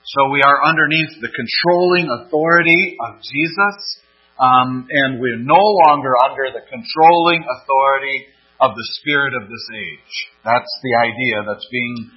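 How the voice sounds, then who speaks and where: A man preaching an expository sermon, teaching in a measured way with frequent pauses and restarts. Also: mid-range voice, slightly rough. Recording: dull lo-fi sound.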